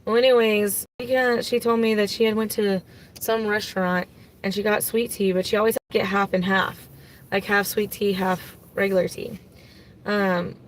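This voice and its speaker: Woman streamer from Kansas, mid-pitched, loose and rambling, traffic noise behind. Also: rough recording. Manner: rambling, lots of "like" and "um". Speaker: live streamer. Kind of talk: casual chat.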